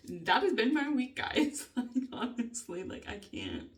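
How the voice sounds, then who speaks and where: Woman vlogger, fairly high voice, rambling and profane, laughs a lot, sits back from the mic. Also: wildly swooping pitch, slow pace, far from the mic. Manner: rambling, heavy swearing, frequent nervous laughter. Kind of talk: casual venting vlog.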